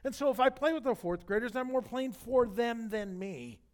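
A middle-aged man, a pastor, delivering a sermon in a conversational, animated storytelling manner with jokes and asides. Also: very high voice, normal speed.

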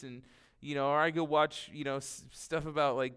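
A man's voice: a little high, steady tone, moderate pace, a bit bright, clear, resonant tone. A man preaching a sermon in an earnest, conversational way, often restarting his sentences as he explains. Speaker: pastor.

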